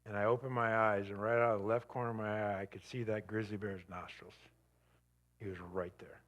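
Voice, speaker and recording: A man giving a church talk as a guest speaker, telling a dramatic personal story in vivid, animated bursts that drop suddenly to a hush. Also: lowish voice, brisk.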